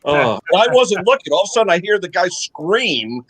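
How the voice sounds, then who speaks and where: An older man from the United States telling lively anecdotes in casual chat, often checking in with a quick "okay?". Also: high-pitched, husky, no room sound, poor audio. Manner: animated storyteller, checks in with "okay?" tags. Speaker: guest on live chat.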